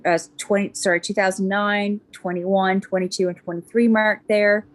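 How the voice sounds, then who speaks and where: A woman serving as deputy mayor, giving a committee report at a council meeting in a halting way, with frequent fillers and restarts. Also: medium pitch, level tone. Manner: hesitant, many fillers and restarts. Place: council chamber.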